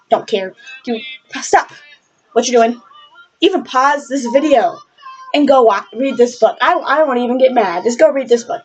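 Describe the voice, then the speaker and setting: A young woman casually reviewing a book in a vlog, gushing and rambling with lots of fillers, passionate and swearing freely. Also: fairly high pitch. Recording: lo-fi webcam audio.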